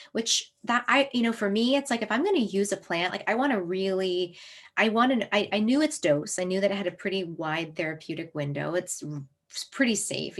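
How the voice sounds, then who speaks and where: A woman herbalist in her thirties tells a personal story in a relaxed, chatty way. Her voice sits a little low, and she slips into playful voices for the people and plants in her story. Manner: animated, acts out inner voices with laughs. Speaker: herbalist and herb school teacher. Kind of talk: casual storytelling talk.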